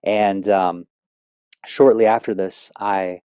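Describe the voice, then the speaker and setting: A man's voice: low voice, fairly even intonation, slow pace, warm tone, clear, resonant tone, no echo. A middle-aged man telling his personal faith testimony in an earnest, rambling way, with many fillers and restarts. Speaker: speaker sharing a testimony.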